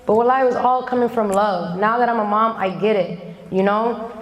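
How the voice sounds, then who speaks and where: A woman's voice: mid-range voice, moderate pace, lo-fi sound. A woman in her thirties from Somalia giving a candid, chatty motivational talk to young people and acting out the voices of family and friends. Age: 30s. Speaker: motivational speaker. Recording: echoey hall.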